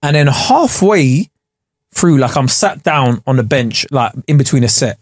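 A young man tells a story in casual podcast banter. His pitch swings a lot as he acts out what people said, and the slang keeps coming. The sound is close and dry, with no room around it. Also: measured pace, no room sound. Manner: animated storyteller, slangy, laughs often. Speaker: podcast co-host. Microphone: studio podcast mic.

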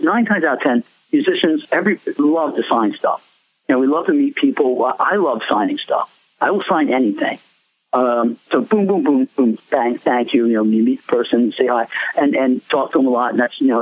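A man's voice: mid-range voice, dry recording. A man, a musician guest, telling rambling stories in a casual interview, laughing often. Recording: tinny phone line, dry.

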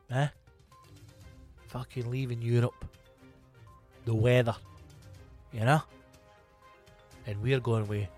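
A man hosting a comedy podcast, reading odd news stories aloud with sweary, sarcastic asides. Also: mid-range voice. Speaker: podcast host. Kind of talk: comic podcast monologue.

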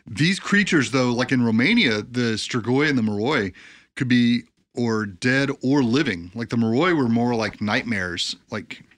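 A man's voice: medium pitch, animated, measured pace, fairly bright tone, no echo, studio quality. American man rambling on a podcast. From United States. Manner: rambling, hesitant, fills with ums. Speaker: podcast co-host. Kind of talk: casual podcast chat.

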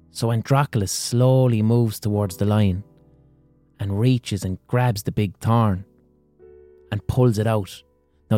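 A man's voice: fairly low pitch, dark tone. A man hosting a podcast, retelling a fable in a casual, profane, conversational way. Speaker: podcast host. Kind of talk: casual storytelling monologue.

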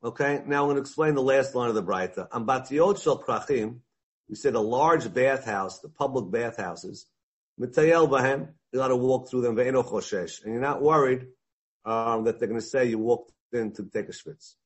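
A man teaching a Talmud class, animated, weaving Hebrew and Aramaic terms into his English and acting out the dialogue. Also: medium pitch, normal speed, slightly rough.

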